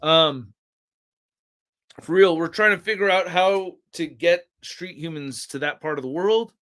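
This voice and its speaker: A man's voice: on the high side, a little slow, a bit bright. A young man hosting a livestream, chatting casually in a laid-back, slangy way and telling stories to his chat. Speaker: livestream host.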